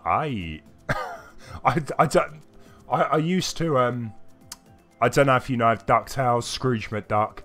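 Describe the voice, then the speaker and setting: Reading chat during a live game stream, this man speaks at a measured pace with long pauses in a medium-pitched, slightly bright voice. He answers viewers casually and ramblingly, hesitating frequently, with faint game music in the background.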